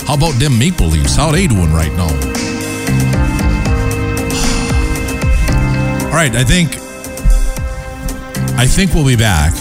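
A man hosting his own show, talking in a mocking, sarcastic commentary monologue. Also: a little high. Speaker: show host.

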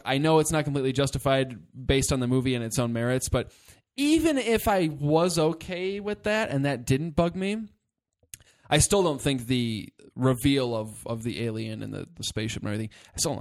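Animated, profane man ranting about a movie. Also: medium pitch, fairly quick. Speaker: podcast co-host. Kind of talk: casual movie discussion.

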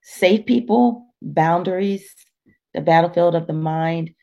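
Woman life coach, interview guest; low, gravelly, dark timbre; animated, preacher-like delivery. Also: measured pace, dull audio. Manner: animated, preacherly, acts out inner dialogue. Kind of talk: conversational interview.

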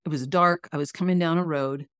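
A woman's voice: low voice, steady tone, brisk, a bit bright, dry recording, clean studio sound. A middle-aged woman sharing an earnest, emotional personal faith testimony as an interview guest. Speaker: guest, author and coach.

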